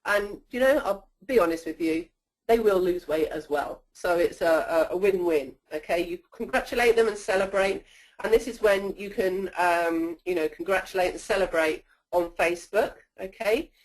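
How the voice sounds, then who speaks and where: A woman's voice: lowish voice, normal speed, rough recording. A woman presenting a sales-training webinar in a coaching tone, often checking in with "okay?".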